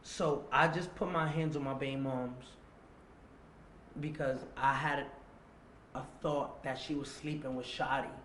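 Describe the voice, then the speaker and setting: A young man telling a personal story as a guest, animated and full of slang, acting out what others said. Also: a little high, a little hiss or hum. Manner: animated, acts out quoted dialogue, street slang. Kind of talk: confessional storytelling. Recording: roomy echo.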